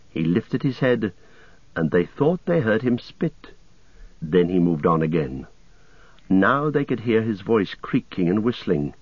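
Slow, low-voiced male audiobook narrator. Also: no room sound, lo-fi sound. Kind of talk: audiobook reading.

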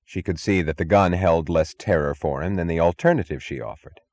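A man narrating an audiobook in a measured, dramatic reading. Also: sits low, a little mellow, dry recording. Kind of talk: scripted narration.

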